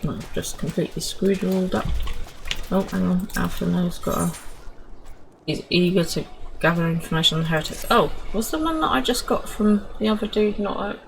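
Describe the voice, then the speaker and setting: Low-voiced woman chatting while gaming. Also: a little fast, vocal fry, slight background noise, low-quality recording. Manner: chatty, confused musing, self-talk. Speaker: streamer. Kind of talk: casual live gameplay commentary.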